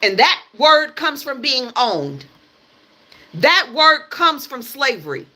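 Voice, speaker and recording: A young woman from the United States streaming live and ranting, her voice high and sharply bright. She is blunt and emphatic, swears freely and drives each point home by repeating it. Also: sing-song, slow pace. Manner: blunt, emphatic and profane, hammering points with repetition. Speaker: livestream host. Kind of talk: heated livestream rant.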